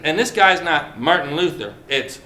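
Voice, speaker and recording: A pastor preaching a lively sermon to his congregation, drawing out key words slowly and joking with the listeners. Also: fairly high pitch, slight background noise.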